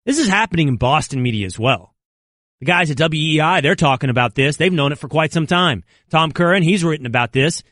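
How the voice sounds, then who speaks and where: A man hosting sports talk radio, his voice climbing and swooping as he rants in mock outrage. The pitch sits a little high for a man. He speaks on a close mic in a dry studio. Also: expressive, a little fast, fairly bright tone, no echo. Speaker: radio host.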